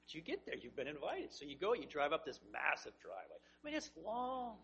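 A man preaching a sermon, telling vivid stories that swing between hushed and emphatic. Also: on the high side, wildly swooping pitch, fairly quick, creaky, breathy edge, lo-fi sound. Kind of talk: sermon, Bible teaching.

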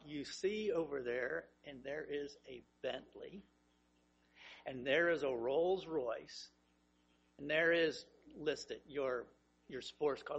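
A man preaching a sermon, telling vivid stories that swing between hushed and emphatic. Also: mid-range voice, husky, lo-fi sound. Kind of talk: sermon, Bible teaching.

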